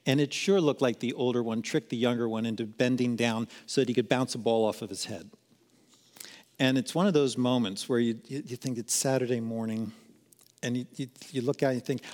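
A man's voice: mid-range voice, darkish tone. A middle-aged man speaking at a parenting seminar, telling a candid, self-deprecating personal story in a sermon-like style. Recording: long hall reverb.

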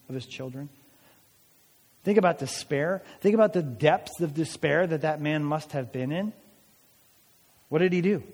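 A man preaching a sermon as pastor, dramatic and emphatic, asking rhetorical questions of the congregation. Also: fairly high pitch. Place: church hall. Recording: long hall reverb.

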